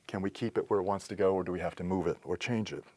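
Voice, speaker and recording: Male lecturer, lowish voice, patient and methodical, screen-recorded lesson. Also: steady tone, a little mellow, no echo. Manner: patient, explanatory, with pauses and restarts. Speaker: teacher. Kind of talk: recorded lecture on Greek accents.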